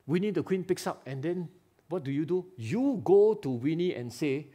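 A man preaching a lively sermon in Singaporean English, firing rhetorical questions and teasing members of the congregation by name. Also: on the high side, moderate pace, husky. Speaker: pastor. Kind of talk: live sermon. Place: church hall.

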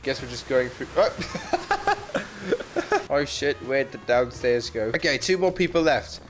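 A man's voice: mid-range voice, moderate pace, music in the background. A man giving casual, self-mocking commentary while playing a video game, swearing often and joking about his own play. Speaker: gaming channel host.

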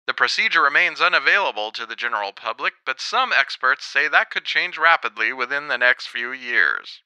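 A man's voice: mid-range voice, expressive, normal speed, sharp tone, smooth, no room sound, rough recording. A man voicing a TV news reporter in a formal, polished newscast delivery, reading a story.

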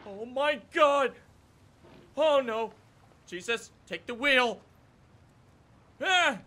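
A man playing a game, yelling, cursing and groaning in frantic frustration, his voice strained from screaming into his desk mic. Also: very high-pitched, takes it slowly. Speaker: gaming YouTuber. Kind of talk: frustrated let's-play commentary. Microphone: desk microphone.

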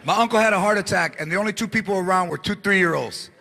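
A man in his forties with a Mexican-American accent doing stand-up comedy, acting out relatives with Spanish phrases and bursts of shouting. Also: high-pitched, fast, creaky, slight background noise. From United States. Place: large theatre stage. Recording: live theatre audience laughing.

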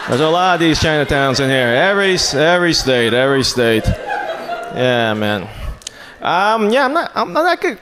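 A man doing a stand-up comedy set on a club stage into a handheld mic. He talks in a loose, chatty way and keeps saying "man" and "you know". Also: a little high. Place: comedy club stage before a live audience. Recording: live club recording with audience laughter and noise.

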